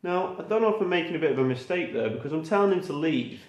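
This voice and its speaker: Relaxed man vlogging in an echoey room. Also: on the high side, fast talker. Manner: relaxed, explains as he trains, coaxes the dog in a sing-song voice. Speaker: puppy-training vlogger. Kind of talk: casual vlog narration.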